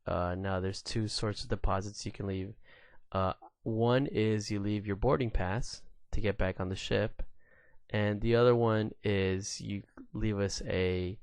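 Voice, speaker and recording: A man's voice: lowish voice, fairly even intonation, measured pace, darkish tone, clean tone, dry recording. A man in his thirties hosting a podcast, telling a story on his own in a loose, profane way with many fillers. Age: 30s. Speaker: podcast host. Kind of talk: casual solo storytelling rant.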